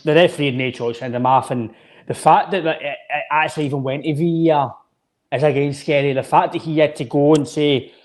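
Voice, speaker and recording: A Scottish man with a voice pitched a bit above the usual for a man, co-hosting a casual football podcast. He talks emphatically, repeats and restarts his phrases, and keeps throwing in "mate". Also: steady tone, fairly quick. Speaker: podcast co-host.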